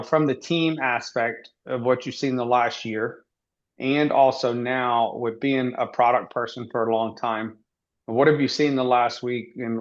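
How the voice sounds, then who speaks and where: A man hosting a team training interview, asking rambling, halting questions with many restarts. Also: medium pitch, dull audio. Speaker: host.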